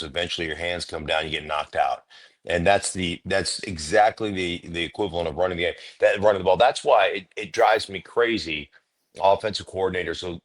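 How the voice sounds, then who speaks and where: A middle-aged man with a very low voice, a former player holding forth as an interview guest. He is emphatic and opinionated, and he acts out the voices of people he has argued with. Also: fairly bright tone. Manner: emphatic, opinionated storyteller who acts out quotes. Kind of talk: casual interview talk.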